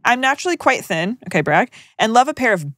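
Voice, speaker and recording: A woman's voice: a little high, big pitch swings, fast, a bit bright, dry recording, studio quality. Wry young woman reading stories aloud. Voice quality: wry, sardonic asides while reading. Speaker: podcast co-host reading listener stories. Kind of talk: casual chat, reading aloud.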